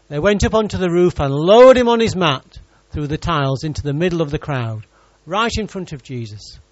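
A man's voice: on the high side, no echo, muffled recording. A man preaching a sermon in church, reading scripture and joking with the congregation.

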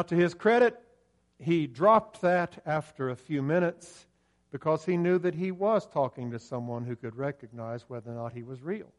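Earnest Southern preacher, conversational. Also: male voice, fairly high pitch. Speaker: pastor. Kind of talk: sermon.

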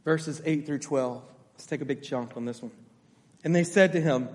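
A man's voice: on the high side, moderate pace, long reverb tail. A man pastor delivering a sermon, emphatic, repeating his key phrases and checking in with the congregation.

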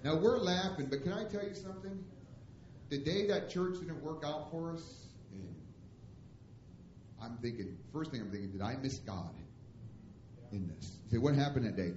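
A man preaching a comic, animated storytelling sermon as a missionary in a church, acting out the dialogue. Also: a little high, normal speed, long pauses, slight background noise. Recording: roomy church hall, dull lo-fi sound.

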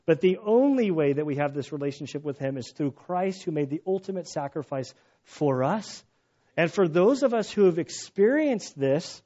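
A middle-aged man preaching a sermon as pastor, earnest and halting, often restarting his phrases. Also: on the high side, dark tone. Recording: dull lo-fi sound.

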